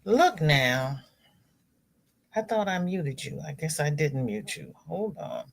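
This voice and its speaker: A woman's voice: deep voice, lively intonation, slow pace, gravelly. A middle-aged woman hosting a casual livestream, greeting viewers by name and reading out their chat comments. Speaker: livestream host.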